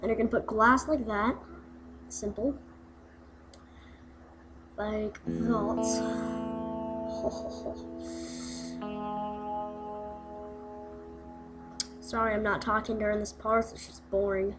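A woman's voice: mid-range voice, fairly even intonation, a little slow, long pauses. A young woman giving a casual, rambling voice-over for a building game tutorial, with goofy asides and plenty of fillers. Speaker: gaming video maker. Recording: voice-over with guitar music behind.

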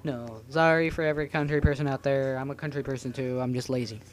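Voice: mid-range voice, fairly even intonation, fast talker, slight background noise. A gamer chatting through an obstacle course on a phone setup, rambling and poking fun at themself. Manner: rambling, self-mocking, breaks into improvised sung lines. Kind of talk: casual gameplay commentary.

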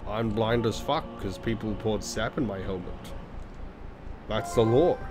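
Man, let's play host, low voice, rambles and swears, game music underneath. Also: a little slow. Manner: swearing, self-deprecating, rambling. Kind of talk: rambling gameplay commentary. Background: video game music.

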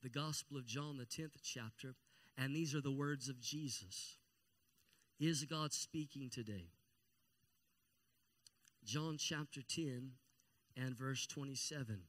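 A man's voice: mid-range voice, takes it slowly, pauses often. Man preaching, repeating phrases for emphasis. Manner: repeats key phrases, calls for amens; grows louder and more excited. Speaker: pastor. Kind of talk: sermon.

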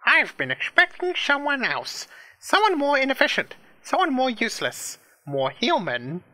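A man's voice: extremely high pitch, huge pitch swings, normal speed, sharp tone, no room sound, voice pushed up, full character voice. A man playing a sneering god of Monday. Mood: scornful. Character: haughty male god of Monday, sneering, grandiose.

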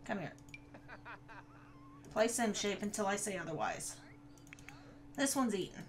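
A woman's voice: mid-range voice, sing-song, unhurried, pauses often, soft background music. A woman giving casual gameplay commentary, chatting to her viewers and scolding the game characters. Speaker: gaming video creator.

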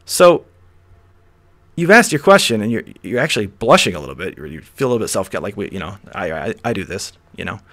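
A man's voice: fairly low pitch, very animated, a little fast, fairly bright tone. A man hosting a philosophy podcast, talking the listener through an imagined scene, chuckling often and repeating words as he thinks aloud. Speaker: podcast host.

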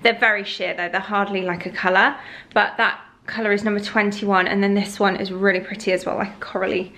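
A woman's voice: medium pitch, little pitch movement, fairly quick, a bit bright. A young woman chatting casually in a home vlog, rambling and going off on tangents. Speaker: lifestyle vlogger. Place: at home, indoors.

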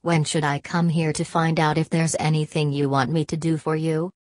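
An earnest middle-aged army orderly in a storybook reading, asking anxious questions about his duties, voiced by a woman narrator. The voice is low and the sound dry and close. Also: little pitch movement, a little fast, darkish tone, dry recording, close to an everyday voice.

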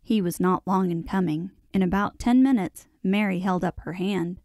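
A woman narrates a classic children's novel for an audiobook in a measured, expressive storytelling voice, reading from a script. Her voice is on the low side, and the studio-quality recording has no room sound.

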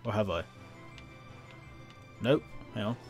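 A man's voice: lowish voice, lively intonation, slow pace, a little mellow, faint music behind. A man giving casual let's-play commentary, jittery, chatty and self-mocking as he plays. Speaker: gameplay commentator.

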